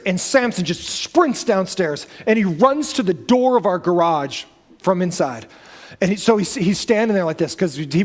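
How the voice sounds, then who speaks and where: High-voiced pastor in a reverberant church. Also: male voice. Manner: conversational storytelling with self-corrections and asides. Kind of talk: sermon. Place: church sanctuary. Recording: long reverb of a church hall.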